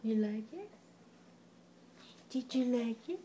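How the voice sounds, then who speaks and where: A woman's voice: fairly high pitch, lively intonation, slow pace, dark tone, slight background noise. A woman at home coaxing a baby in sing-song baby talk, repeating simple words for the baby to say. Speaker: parent talking to a baby. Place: home, indoors.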